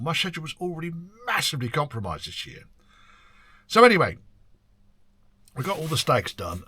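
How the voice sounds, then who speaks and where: The older classic car workshop owner rambles about his year as host of his video channel, chatting to camera with plenty of ums and a bit of swearing. His medium-pitched voice is sharp and husky, with no room sound.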